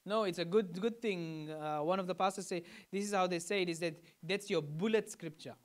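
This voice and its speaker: Speaking fairly quickly in a high-sitting voice, a male pastor from Fiji preaches to a congregation. He keeps the teaching conversational, regularly checking in with questions.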